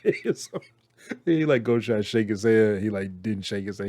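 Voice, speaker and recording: A man's voice: fairly low pitch, expressive, moderate pace, mellow, slight background noise. A man with a Southern American accent giving blunt, profane commentary while reacting to a movie, laughing and mimicking characters.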